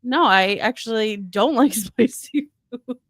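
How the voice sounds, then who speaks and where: A woman's voice: a little high, unhurried, no room sound, studio quality. A woman co-hosting a comedy podcast, giving blunt, teasing, offhand replies. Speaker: podcast co-host. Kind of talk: casual comedic podcast banter.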